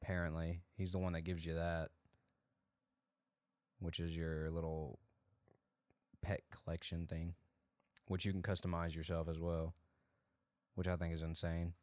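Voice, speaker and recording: A man co-hosting a podcast, chatting casually and excitedly about a video game. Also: sits low, a little slow, pauses often, smooth, no room sound. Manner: excited, rambling gamer talk. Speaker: podcast co-host. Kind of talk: casual chat.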